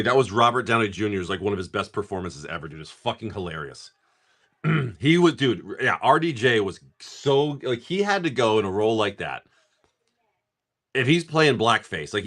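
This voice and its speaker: A man's voice: medium pitch, fairly bright tone. A man hosting a live stream where he opens card packs, chatting casually and upbeat with viewers, greeting them by name and swearing freely.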